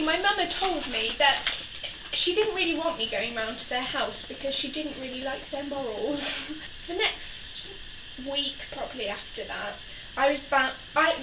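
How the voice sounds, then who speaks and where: A young woman telling childhood stories in a casual vlog, giggling and acting out the people she quotes. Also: high voice. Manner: giggly, acts out quoted voices. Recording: echoey room from a distance, faint noise.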